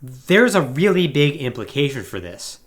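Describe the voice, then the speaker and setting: A man hosting a casual video game podcast, retelling a story with animated, acted-out quotes. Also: mid-range voice, normal speed. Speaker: podcast host.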